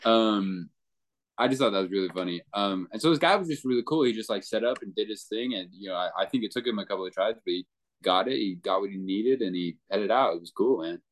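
A man hosting a podcast, recounting a story in a relaxed, chatty way with many fillers. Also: lowish voice, fast. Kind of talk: casual chat.

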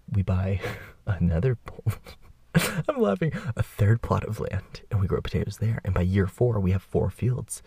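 Young male podcast host, husky and low, chatty storyteller who keeps laughing, dry close sound. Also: warm tone, no room sound. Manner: chatty, laughs often mid-sentence. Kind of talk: casual storytelling monologue.

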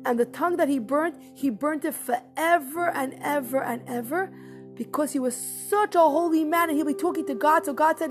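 High-voiced woman telling a story. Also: normal speed, soft background music. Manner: expressive, emphatic repetition. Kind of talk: animated religious storytelling.

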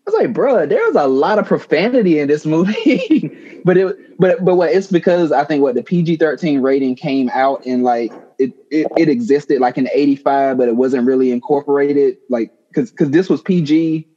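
Mellow-voiced man, relaxed podcast chat. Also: mid-range voice, moderate pace. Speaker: podcast co-host. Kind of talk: casual chat. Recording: dull lo-fi recording.

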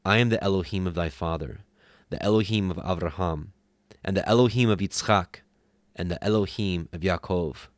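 A man reads out the solemn voice of God from a burning bush, low, slow and commanding. It is a storybook reading in a dry, close sound with no room around it. The tone stays grave and steady throughout. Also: no room sound, lightly acted.

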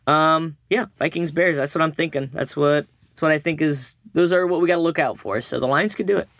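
Higher-voiced man on a dry mic. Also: a little fast, fairly bright tone, no echo. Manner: easygoing, agreeable, thinks aloud with fillers. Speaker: podcast co-host. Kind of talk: casual sports chat.

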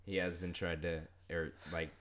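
Male co-host, slightly low voice, loose rambling delivery full of swearing. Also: level tone, moderate pace, fairly bright tone, a little hiss or hum. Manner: rambling, heavy swearing, laughs often. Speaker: podcast co-host. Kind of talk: casual podcast chat.

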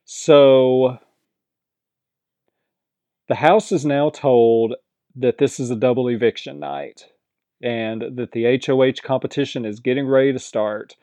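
A man's voice: medium pitch, fairly even intonation, unhurried, pauses often, warm tone, no room sound. A man casually recapping a reality show episode, rambling with lots of fillers and acting out quoted lines.

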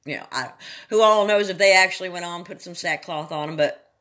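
A woman reading Bible chapters aloud in a sing-song, drawn-out dramatic way, breaking off for chatty asides to her listeners. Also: fairly low pitch, a bit bright. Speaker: Bible reader.

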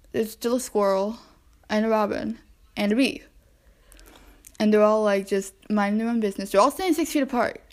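Chatty woman talking to backyard animals. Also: a little high. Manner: chatty, easily distracted, talks to animals. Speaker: podcast host. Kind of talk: casual solo chat narrating backyard wildlife. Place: indoors at a window at home.

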